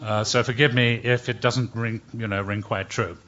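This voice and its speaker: Man from England, live storyteller, bright voice, halting delivery, muffled recording. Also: mid-range voice, fairly even intonation. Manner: chatty, hesitant with many ums.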